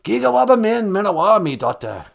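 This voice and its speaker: A man's voice: high-pitched, big pitch swings, brisk, vocal fry, exaggerated voice. A man doing the Great Spirit with a lilting brogue. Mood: playful. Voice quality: lilting put-on brogue, calls her "me daughter". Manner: grandly solemn, folksy sermonizing. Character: Great Spirit, an all-knowing male deity, gently preachy. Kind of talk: improvised comic skit.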